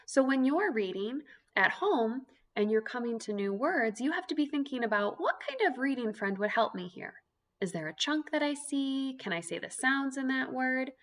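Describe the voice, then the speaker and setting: A woman teacher giving an early reading lesson for young children, speaking clearly and encouragingly. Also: high voice, animated, a bit bright. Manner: encouraging, slow, clearly spoken teacher talk.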